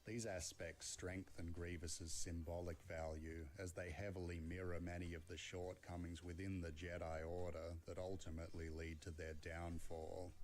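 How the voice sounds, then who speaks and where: A man reading a scripted video essay in a measured, analytical way. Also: sits low, darkish tone. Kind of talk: scripted narration.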